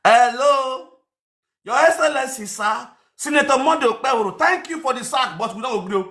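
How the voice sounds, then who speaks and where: A man putting on a shrill wailing Nigerian beggar. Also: expressive, fairly quick. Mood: mock wailing. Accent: Nigerian Pidgin. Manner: shrill, theatrical sobbing and shouting. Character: wailing, mock-crying adult man begging the governor. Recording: echoey room.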